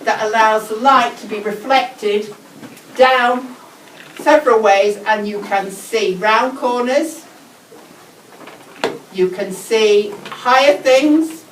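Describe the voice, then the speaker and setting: A brisk English woman with a fairly high voice leads a school class, drawing out key words slowly for the children. She is picked up from a distance in an echoey classroom, with clear noise behind her. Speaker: teacher. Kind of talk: whole-class teaching demonstration.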